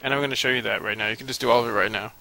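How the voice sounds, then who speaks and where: Gravelly, cranky man commenting on a game. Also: mid-range voice, fairly even intonation, rapid-fire, bright, forceful tone. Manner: rambling, cranky and profane, laughs often. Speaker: let's play commentator. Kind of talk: casual gameplay commentary.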